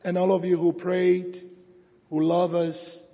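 Hoarse male guest preacher, dark gravelly tone, earnest sermon in a reverberant hall. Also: sits high, monotone, slow pace. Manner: earnest, thankful, builds to emphatic peaks.

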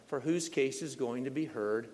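A male preacher telling a sermon story in a slow, dramatic manner, leaning on repetition. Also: mid-range voice, a little mellow. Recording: long reverb in a large hall.

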